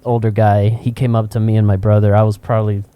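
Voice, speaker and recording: Talking fast in a lowish, clean voice, a man co-hosts a laid-back podcast in a cigar shop, telling lively stories full of laughter. The recording sounds muffled.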